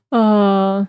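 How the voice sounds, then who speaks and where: A woman's voice: mid-range voice, a little mellow, clear, resonant tone, no echo. A young woman streamer chatting casually with her live chat, giggling and reading comments aloud before reacting to them.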